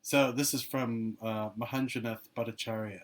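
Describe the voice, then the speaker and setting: A man's voice: medium pitch, fairly even intonation, moderate pace. A man giving an informal dharma talk as a meditation teacher, speaking loosely with many "you know"s and "like"s and laughing easily between phrases.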